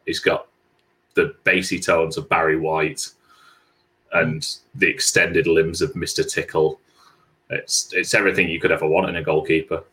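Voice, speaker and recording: A man with a very low, deep voice talks football with a friend in a loose podcast chat. He stops and restarts often and slips in dry jokes. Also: little pitch movement, bright, forceful tone. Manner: halting, repeats words, dry jokes. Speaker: podcast co-host.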